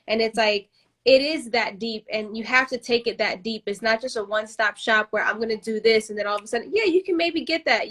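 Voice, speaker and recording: A woman's voice: fairly high pitch, a bit bright. A woman hosting a casual podcast conversation, passionate and rambling, with frequent restarts and fillers. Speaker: podcast host.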